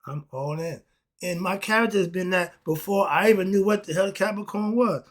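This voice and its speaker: A man's voice: a little high, breathy edge. A man, delivering an emphatic, casual monologue full of rhetorical questions and short laughs. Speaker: philosophy vlogger.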